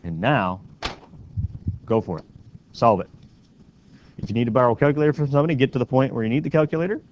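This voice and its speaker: A man teaching a classroom math lesson, walking students through each step and often checking in with a quick question. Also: medium pitch, a little mellow. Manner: walks students through steps with frequent questioning "right?". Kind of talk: classroom lecture. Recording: dull lo-fi classroom recording with faint noise.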